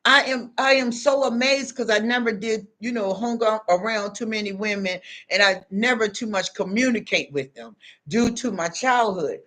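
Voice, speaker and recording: Here a woman's medium-pitched, fairly bright voice runs at normal speed through an unscripted spiritual pep talk. She's direct, blunt, and confrontational, leans on street slang, and keeps adding tags like "you know what I'm saying."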